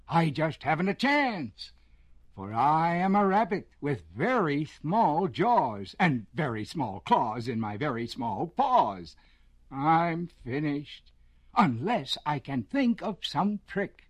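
A man's voice: fairly high pitch, sing-song, slow, slightly rough, no echo, voice pushed up, heavily acted. A man voicing a small, clever male rabbit who talks in a coaxing, mock-sorrowful way, read as a storybook. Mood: worried. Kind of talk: storybook reading. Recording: music playing behind.

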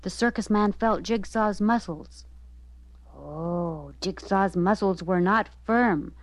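A woman narrating a children's story aloud in an expressive, lively way. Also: medium pitch, slow, dry recording.

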